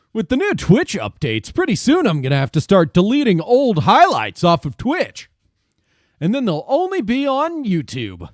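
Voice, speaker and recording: Chatting loosely with his viewers, this streamer grumbles animatedly and swears as he goes. Pitched fairly high with wide swings, he's recorded close and dry, without echo.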